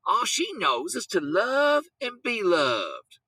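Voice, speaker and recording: A man's voice: high-pitched, huge pitch swings, slow, sharp tone, breathy edge, no echo, voice pushed up, heavily acted. A man voicing an earnest young farm girl who sincerely defends her pet pig.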